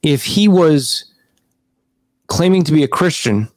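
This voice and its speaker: A man hosting a casual online discussion over a video call, talking at length, restarting sentences and clearing his throat. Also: fairly high pitch, animated, measured pace, dry recording. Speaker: podcast host.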